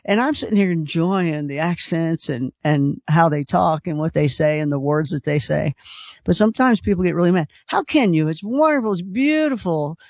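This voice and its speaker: A man's voice: fairly high pitch, lively intonation, moderate pace, gravelly, no room sound, muffled recording. A man hosting a call-in radio show, chatty and enthusiastic, with a slight Kentucky accent. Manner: chatty and enthusiastic, repeats himself. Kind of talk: casual call-in radio chat.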